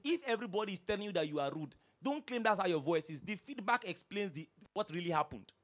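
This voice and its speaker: Pastor mid-sermon; very animated, questioning, drops low then erupts. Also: fast, few pauses. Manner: preachy, rhetorical questions, swings from hushed to shouting.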